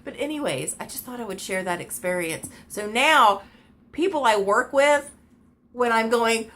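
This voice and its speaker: Woman, casual storyteller, higher pitch, exasperated and animated. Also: normal speed. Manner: animated, exasperated, laughing, repeating herself. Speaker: vlogger.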